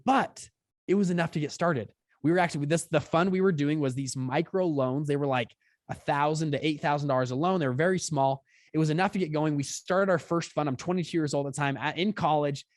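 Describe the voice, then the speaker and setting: A young man in his twenties tells a story as a podcast guest, his voice on the higher side. He talks quickly and with energy, and he acts out quotes with big jumps in pitch. The sound is dry and close, with no room around it. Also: dry recording. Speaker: podcast guest, fund founder. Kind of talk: storytelling in conversation.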